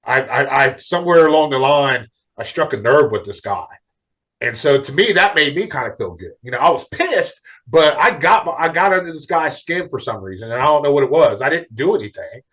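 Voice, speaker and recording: A man's voice: medium pitch, fairly quick. A middle-aged man, a comic book artist, telling stories in a casual interview and acting out what others said. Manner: animated, acts out other people's lines.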